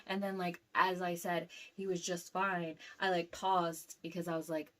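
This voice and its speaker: A woman's voice: fairly low pitch, moderate pace, a little hiss or hum. Rambling young woman telling a dream. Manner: rambling, filler-heavy, animated retelling. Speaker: vlogger recounting a dream. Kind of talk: casual storytelling to camera.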